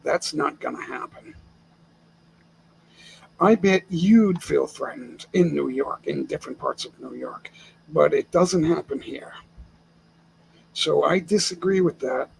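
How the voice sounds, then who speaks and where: A man's voice: a little high, a little slow, creaky, pauses often, a little hiss or hum, rough recording. An older man from the United States hosting a casual live stream chat from home, speaking bluntly and with opinions, chuckling often.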